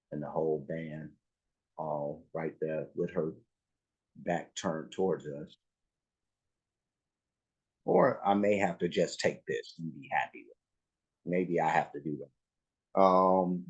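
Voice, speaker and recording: A man's voice: deep voice, a little mellow, slightly rough, lo-fi sound. A man casually reacting to a live music video, talking in a laid-back way with lots of fillers and restarts.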